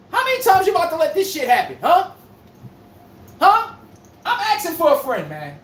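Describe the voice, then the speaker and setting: A man hosting a live-streamed sports podcast, talking to the chat in a loud, profane trash-talking manner. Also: very high-pitched. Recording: echoey room from far off, faint noise.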